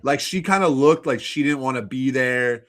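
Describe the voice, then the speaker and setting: A man co-hosting a casual podcast chat at an ordinary middle pitch. He talks in a hesitant, thinking-aloud way, full of fillers and restarts. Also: normal speed, a bit bright. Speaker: podcast co-host.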